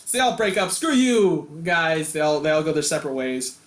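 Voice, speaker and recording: A man's voice: a little high, lively intonation, rapid-fire. A man co-hosting a podcast, recapping a comic in a rambling, chatty way with lots of fillers. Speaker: podcast co-host. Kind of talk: casual chat recapping a comic. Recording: echoey room.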